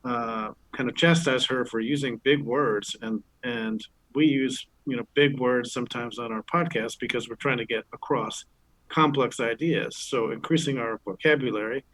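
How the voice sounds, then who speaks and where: A man with an ordinary mid-range voice leads a casual podcast discussion. He speaks in a measured, thoughtful way and brings the talk back on track. The recording is dry and close. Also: medium pitch, a bit bright, no echo, rough recording. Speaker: podcast co-host.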